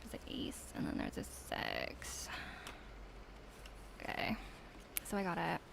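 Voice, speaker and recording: A woman's voice: fairly low pitch, huge pitch swings, slow, gravelly, heavily acted. A woman voicing a bored, snarky young tarot reader in a put-on Valley Girl accent, drawling and dropping "like" in a whispered role-play. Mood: annoyed. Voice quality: drawling, filler 'like', dismissive.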